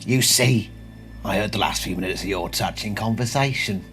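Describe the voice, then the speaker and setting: A man voicing a bitter, vengeful male alien slug in a human host, in a Cockney accent, reading book lines in a low, hushed, seething way. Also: normal speed, faint music behind. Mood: sneering. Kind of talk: dramatic reading of a book passage.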